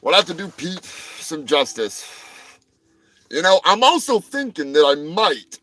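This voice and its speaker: A man's voice: on the high side, very animated, measured pace, sharp tone, no echo, low-quality recording. Crude joking man hosting a livestream. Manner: crude, joking, trails off into mumbles. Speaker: livestream host. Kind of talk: rambling comedic live chat.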